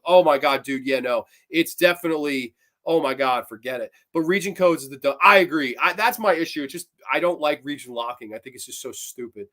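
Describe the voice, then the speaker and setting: A man hosting a horror review show, chatting casually, excitable and swearing freely. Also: fairly high pitch. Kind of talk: casual livestream chat.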